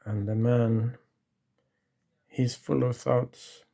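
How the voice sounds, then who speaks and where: A man retelling a true story from memory in a halting, pausing manner. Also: mid-range voice, flat delivery, gravelly, dark tone. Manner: halting, with restarts and pauses.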